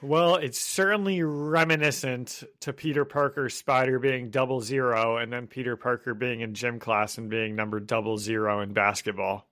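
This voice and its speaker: A man's voice: mid-range voice, steady tone, moderate pace, few pauses, a bit bright. A man co-hosting a podcast, chatting casually and dropping wry, matter-of-fact remarks. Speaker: podcast co-host, teacher. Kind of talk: casual chat.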